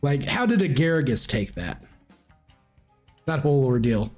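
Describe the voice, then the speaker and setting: A man's voice: medium pitch, sing-song, moderate pace, darkish tone, faint music behind. A man running a tabletop game as game master, narrating in a rambling, informal way with restarts. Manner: rambling, informal, frequent restarts and clearing throat.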